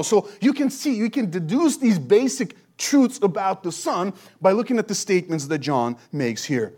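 A man preaching a sermon, working through scripture with lively emphasis and rhetorical questions. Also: sits high, normal speed, few pauses, breathy edge. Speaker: pastor.

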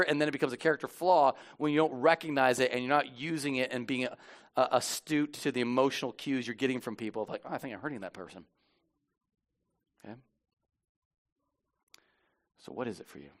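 A middle-aged man preaching a sermon as pastor, chatty and self-deprecating, with many restarts, turning quiet and solemn for communion. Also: a little high. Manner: conversational, self-deprecating, with frequent restarts and fillers.

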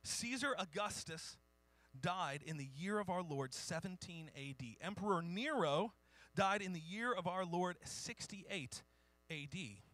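Male pastor, high bright voice, dry close sound; relaxed sermon delivery with read-out quotes. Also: a little slow, dry recording, soft background music. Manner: informal, self-deprecating, reads historical quotes.

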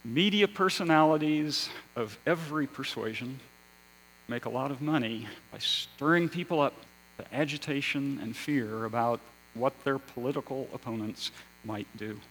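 A man preaching a sermon as pastor, slow and measured, building to loud emphasis and then dropping to a hush. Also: medium pitch, slight background noise, rough recording.

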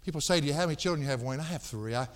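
Folksy preacher in a reverberant hall. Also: male voice, fairly high pitch, racing. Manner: folksy, emphatic preaching that swings between loud outbursts and hushed asides. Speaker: pastor. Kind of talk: sermon.

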